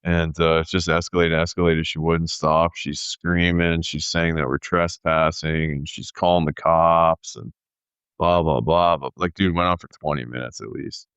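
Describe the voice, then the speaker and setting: A man in his thirties telling a story in casual podcast chat, animated and peppered with "dude" and "like". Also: extremely low pitch, moderate pace, clear, resonant tone, no echo, lo-fi sound. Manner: animated storyteller, says "dude" and "like", acts out quoted voices. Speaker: podcast co-host.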